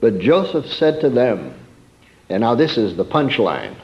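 A man preaching a sermon in a storytelling way, swinging from emphatic peaks to soft, quiet asides. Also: mid-range voice, huge pitch swings, measured pace, lo-fi sound.

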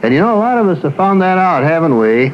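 A man's voice: a little high, big pitch swings, fast talker, muffled recording, slight background noise. A man who works as a psychologist, giving a folksy lecture full of anecdotes and acting out the people he describes.

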